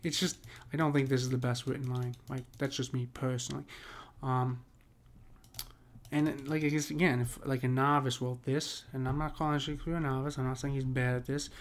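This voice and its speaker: Fairly quick, with a medium pitch that barely moves, a poetry teacher explains meter casually. His talk meanders with many restarts and a constant "right?"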